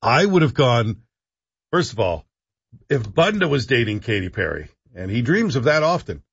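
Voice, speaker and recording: A man's voice: medium pitch, sing-song, moderate pace, creaky, fairly bright tone, breathy edge, no echo, highs cut off. A man hosting a talk radio show, riffing in a wry, joking way and dishing out mock-earnest advice. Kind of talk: casual talk radio banter.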